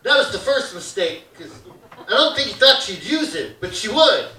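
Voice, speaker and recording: A man's voice: high voice, very animated, moderate pace, bright, forceful tone, recorded from a distance. A man in his fifties, from Hamilton, doing a brash, rambling, crude stand-up routine. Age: 50s. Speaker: stand-up comedian. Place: theater stage, live audience. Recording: roomy live theater audio from afar.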